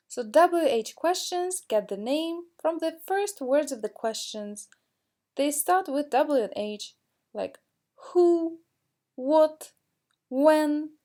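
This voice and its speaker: A woman teaching English pronunciation, explaining slowly and acting out example questions with exaggerated rising and falling intonation. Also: sits high, a little mellow. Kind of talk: slow classroom explanation with spoken examples.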